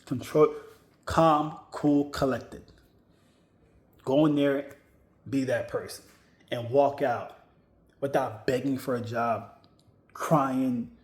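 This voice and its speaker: A man's voice: mid-range voice, steady tone, slow pace, long pauses. Emphatic man in an echoey room. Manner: emphatic, repeats key points, frequent restarts. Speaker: vlogger giving career advice. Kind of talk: casual advice monologue. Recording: roomy echo.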